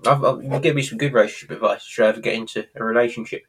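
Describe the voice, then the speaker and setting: A man's voice: medium pitch, steady tone, rapid-fire, a bit bright, slight background noise. A man co-hosting a podcast, recapping a sitcom episode in rambling casual chat. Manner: rambling, with restarts and laughs. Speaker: podcast co-host.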